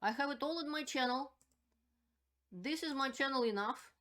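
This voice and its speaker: A woman's voice: sits high, normal speed, a bit bright. A woman hosting her own channel, giving spoken political commentary in an indignant, emphatic way and repeating her points.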